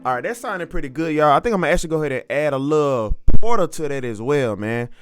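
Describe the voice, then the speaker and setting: Laid-back Alabama man over loud beats. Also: on the high side, expressive, quick pace. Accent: Southern US, Alabama. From Montgomery, Alabama. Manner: laid-back, chatty, addresses viewers as y'all. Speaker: beat producer. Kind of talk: casual tutorial talk-through. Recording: music playing loudly behind the voice.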